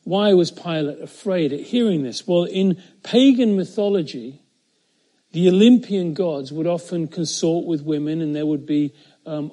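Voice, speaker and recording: A middle-aged man preaching verse by verse, with a mellow, darker tone that sits a little high for a man. He is earnest and builds to louder, higher peaks when he quotes a line of scripture, then drops low and quiet to reflect. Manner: earnest, rises in pitch and volume when quoting scripture, dramatic pauses. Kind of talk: expository sermon.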